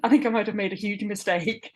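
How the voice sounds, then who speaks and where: A woman's voice: mid-range voice, fairly even intonation, a little fast. A middle-aged woman, a midwife, speaking in an interview with passionate emphasis and repeated words. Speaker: midwife and guest. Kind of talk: conversational interview.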